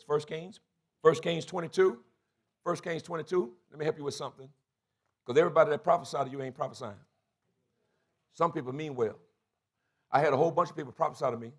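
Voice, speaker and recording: Husky-voiced preacher man in his sixties. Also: on the high side. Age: 60s. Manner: storytelling preacher, repeats phrases for emphasis. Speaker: pastor. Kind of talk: sermon.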